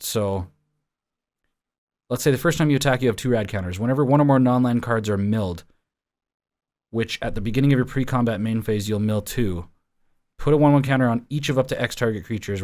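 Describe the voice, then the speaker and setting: A man hosting a casual podcast chat, reading card text aloud with halting fillers. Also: lowish voice, darkish tone. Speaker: podcast host.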